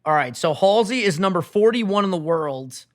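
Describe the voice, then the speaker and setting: A man co-hosting a podcast, in a casual chat, animated and jokey with hyped banter. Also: high voice, moderate pace. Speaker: podcast co-host.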